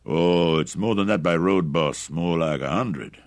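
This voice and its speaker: A man voicing a loyal sergeant major who speaks in a slow, easygoing way. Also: deep voice, dry recording.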